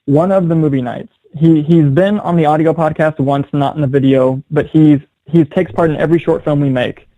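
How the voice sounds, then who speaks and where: Young male podcast host, slightly high, mellow voice, animated casual talker, dry sound. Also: no echo, rough recording. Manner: animated, quick storytelling with laughs. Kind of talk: casual chat.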